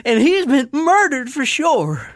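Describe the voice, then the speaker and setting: A man's voice: extremely high pitch, huge pitch swings, slow pace, a bit bright, no echo, clean studio sound, pitched above the performer's own voice, heavily acted. A man reading the part of a panicked, out-of-breath young male soldier in an attempted Southern drawl, urgent and repetitive.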